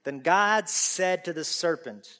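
A man preaching a sermon to a congregation. He asks them questions and climbs from easy conversation to loud, full-voiced preaching. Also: a little high, takes it slowly. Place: church sanctuary. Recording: long reverb of a large hall.

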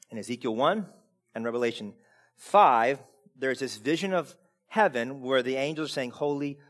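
High-voiced man preaching animatedly. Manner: animated preaching, swinging between quiet and emphatic; repeats words when restarting. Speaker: pastor. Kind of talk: sermon.

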